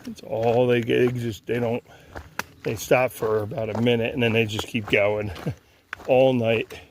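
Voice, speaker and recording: Slow-talking man vlogging on a trail. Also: mid-range voice, little pitch movement, darkish tone, slight background noise. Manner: chatty, coos at animals in a sing-song voice. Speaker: thru-hiker vlogger. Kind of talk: casual trail vlog narration. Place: outdoors on a rural road walk.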